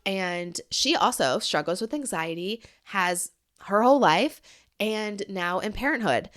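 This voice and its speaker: A woman in her thirties talks through her own podcast in a heartfelt, encouraging way. She speaks to listeners as friends, earnest and open. Her pitch sits in an ordinary middle range. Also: expressive, a little slow, fairly bright tone. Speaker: podcast host. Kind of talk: heartfelt solo podcast talk.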